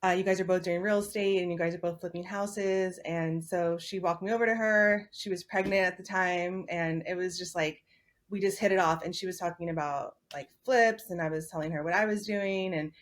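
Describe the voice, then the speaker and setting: A woman's voice: on the low side, fairly even intonation, moderate pace. A woman who is a hotel owner, a guest in an interview, telling a story animatedly and acting out quoted dialogue.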